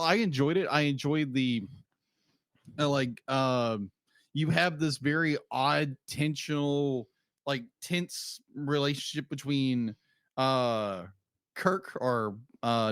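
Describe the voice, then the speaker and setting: A man's voice: medium pitch, no room sound. A man co-hosting a podcast in casual chat, easygoing, laughing often and acting out quoted lines. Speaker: podcast co-host.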